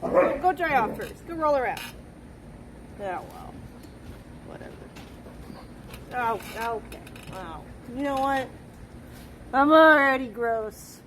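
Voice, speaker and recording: Woman, slow unhurried speech, higher voice, coos and baby talk to her pets, noisy outdoor audio. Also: big pitch swings. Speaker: streamer. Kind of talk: casual talk to her dogs. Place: outdoors with dogs by water.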